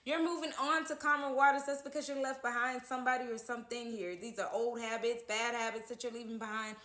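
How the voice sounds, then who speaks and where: A woman's voice: a little high, steady tone, fast, bright, forceful tone, echoey room. A woman giving a casual tarot horoscope reading, chatty, who keeps checking in with "okay?" at the end of her lines. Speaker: tarot reader.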